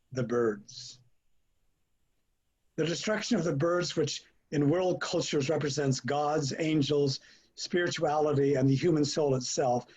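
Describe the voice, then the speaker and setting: Husky man reading a measured essay. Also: a little high, darkish tone, highs cut off. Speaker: panelist.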